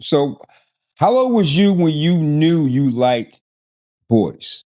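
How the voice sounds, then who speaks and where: A man hosting a podcast interview, asking relaxed, casual questions and often stumbling over his first words. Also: on the high side, slow. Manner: relaxed, repeats words at the start of a sentence. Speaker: podcast host.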